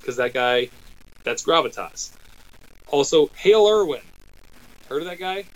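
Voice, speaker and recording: An American man chatting on a podcast, animated and rambling, with quick asides and restarts. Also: fairly high pitch, rough recording. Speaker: podcast co-host. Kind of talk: casual chat.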